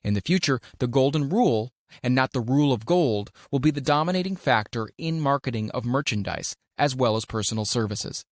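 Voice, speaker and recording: A man narrating an audiobook at a middle pitch, reading in a measured, deliberate way with firm stresses on key words. The recording is close and dry, with no room sound around the voice. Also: lively intonation, dry recording. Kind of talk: scripted audiobook narration of a self-help classic.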